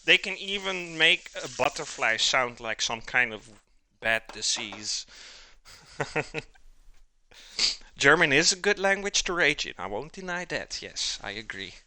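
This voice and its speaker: A man's voice: on the high side, big pitch swings, unhurried, pauses often, sharp tone. A man, chatting casually with his viewers during a live cooking stream in his home kitchen and chuckling often.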